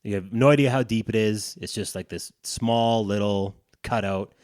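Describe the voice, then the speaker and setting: A man co-hosting a casual podcast, spinning a lively, swear-heavy anecdote. His voice sits a little low. The sound is dry and close, with no room around it. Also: normal speed, dry recording. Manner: profane, animated storyteller. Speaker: podcast co-host. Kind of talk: casual storytelling chat.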